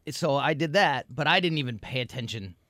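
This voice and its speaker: A man's voice: mid-range voice, expressive, brisk, bright, forceful tone, dry recording, clean studio sound. A man chatting casually as a co-host, easygoing and wry. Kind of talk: casual chat.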